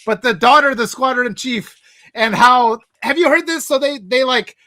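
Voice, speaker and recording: Woman co-host, high and bright, animated rambling chat. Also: moderate pace. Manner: animated, rambling, laughs often. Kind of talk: casual chat.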